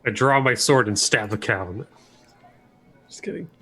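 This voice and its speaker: A man's voice: mid-range voice, measured pace, bright, forceful tone, a little hiss or hum. A man playing a tabletop game, describing his character's actions in a casual way. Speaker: player.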